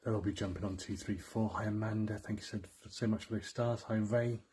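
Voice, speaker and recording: A man co-hosting a ghost hunt livestream, talking quietly and greeting viewers one after another inside an old cottage. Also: lowish voice, steady tone, brisk, breathy edge. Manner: hushed, rattling off greetings to viewers. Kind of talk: casual livestream chat. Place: old abandoned cottage, indoors.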